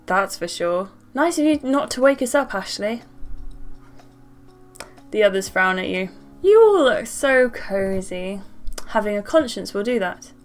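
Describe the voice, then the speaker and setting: A young woman playing a story game, reading its lines aloud and breaking in with excited asides. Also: mid-range voice, measured pace, pauses often, soft background music. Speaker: gaming YouTuber.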